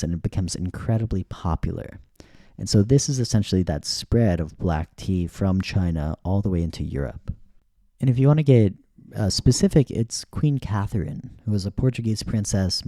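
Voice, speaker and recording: A man's voice: sits low, mellow, no echo, clean studio sound. A man hosting a solo podcast, talking casually and thinking aloud with frequent restarts. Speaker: podcast host. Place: living in China.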